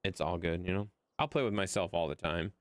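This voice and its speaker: A man's voice: sits low, brisk, clear, resonant tone, no room sound. A man chatting casually to his viewers during a livestream, rambling and swearing freely. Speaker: game streamer.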